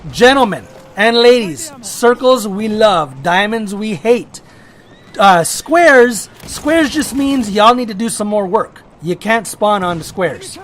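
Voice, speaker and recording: High-voiced man rambling over gameplay. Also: fairly bright tone, slight background noise. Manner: rambling, self-interrupting, jokey. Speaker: gaming video creator. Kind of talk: casual gameplay commentary.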